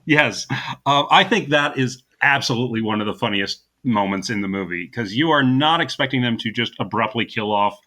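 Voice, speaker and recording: A man with a bright, forceful voice chats casually about a film, recounting scenes with animation and frequent chuckles. He talks like a co-host among friends. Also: mid-range voice, brisk. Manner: animated retelling with laughter. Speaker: podcast co-host. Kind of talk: casual movie discussion.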